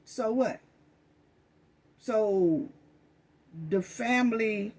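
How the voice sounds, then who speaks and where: A woman's voice: medium pitch, lively intonation, drawn-out words, pauses often, darkish tone. A woman delivering an impassioned commentary rant, emphatic and accusatory, hammering the same phrases over and over. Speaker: commentary vlogger.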